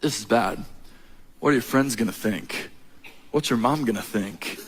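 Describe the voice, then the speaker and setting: A preacher voicing a sly, menacing male lion villain in a low, coaxing tone. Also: a little slow, husky, big-room sound.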